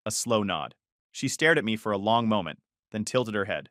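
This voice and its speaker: A man's voice: medium pitch, animated, moderate pace, pushed and bright, dry recording, studio quality. Man narrating a tense personal story. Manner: confessional, tense retelling.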